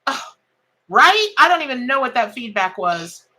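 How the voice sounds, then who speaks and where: A woman's voice: high-pitched, big pitch swings, moderate pace, sharp tone. A middle-aged woman, hosting a casual live-stream tarot reading in a chatty, exclamatory, folksy way.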